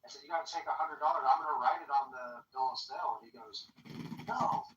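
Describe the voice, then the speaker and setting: A middle-aged guest in a casual chat, telling excitable, rambling stories. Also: medium pitch, fast, noisy background. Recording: roomy, distant and dull.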